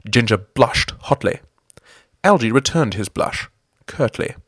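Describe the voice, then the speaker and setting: Man reading a comic story, lively pitch. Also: no room sound, clean studio sound. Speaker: narrator.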